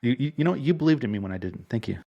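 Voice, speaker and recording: A playful man chimes in with short quips on a casual podcast. His pitch swings a lot, up and down. His voice sits in a middle register. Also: lively intonation, rapid-fire, warm tone, muffled recording.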